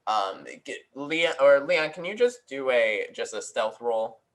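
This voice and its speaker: A man's voice: mid-range voice, lively intonation, measured pace, rough recording. A young man narrating a tabletop game as game master, hesitant, with many ums and laughs. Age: young adult.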